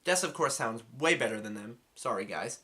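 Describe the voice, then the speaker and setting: A man's voice: medium pitch, lively intonation, brisk, pushed and bright. A man casually reviewing an album, enthusiastic and swearing freely. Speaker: music reviewer.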